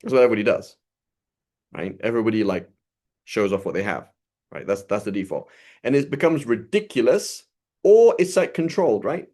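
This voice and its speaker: A man's voice: fairly low pitch, expressive, brisk, pauses often, warm tone. A man teaching an informal sermon, conversational and loose, often checking in with "right?". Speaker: religious teacher.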